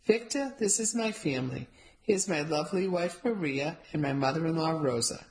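A woman's voice: low-pitched, lively intonation, moderate pace, a little mellow. A woman voicing a proud, self-absorbed father who boasts and makes showy introductions.

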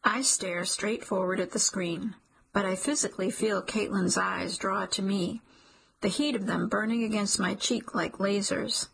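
A woman narrates a first-person story in a husky, gravelly voice. Her delivery is dry and wry, with asides she drops to a whisper. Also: mid-range voice, steady tone, unhurried, a bit bright, low-quality recording.

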